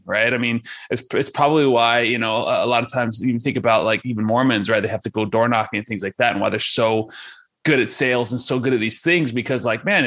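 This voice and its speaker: Brief: male podcast host, mid-range voice, casual and halting, with many restarts. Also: mid-range voice, a bit bright. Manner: halting, repeats words as he gathers thoughts.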